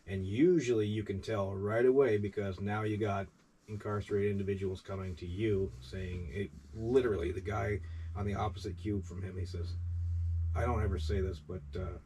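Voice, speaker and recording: A man's voice: fairly low pitch, steady tone, normal speed, dark tone. A man who works as a correction officer tells a long, rambling story in an interview, quoting people with "I says" and swearing casually. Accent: New York. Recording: distant mic with faint background noise.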